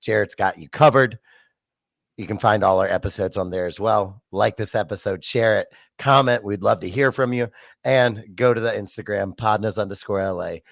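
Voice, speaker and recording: A man's voice: on the low side, steady tone, normal speed, gravelly, no echo. A man co-hosting a casual sports podcast, playful and joking as he plugs the show. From Louisiana. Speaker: co-host.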